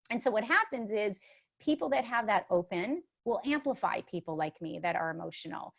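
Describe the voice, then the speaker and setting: Middle-aged woman, panel guest, emotional and expressive delivery, mid-range voice. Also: mid-range voice, a little fast, creaky. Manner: expressive and emotional, with many restarts and fillers. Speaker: panelist on a motherhood livestream. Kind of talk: casual spoken talk.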